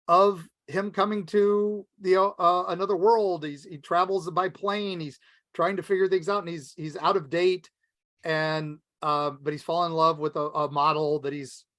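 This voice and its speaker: A man co-hosting a podcast in casual chat, rambling and animated as he retells movie scenes. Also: no echo, clean studio sound. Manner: rambling, animated, acts out movie lines in a high voice. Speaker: podcast co-host.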